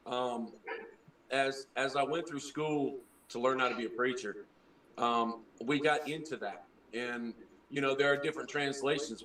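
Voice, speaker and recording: A man's voice: medium pitch, a bit bright, roomy sound, far from the mic, slight background noise, poor audio. A man who trained as a preacher, earnestly explaining things in a casual group chat and often restarting his words. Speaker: former preacher.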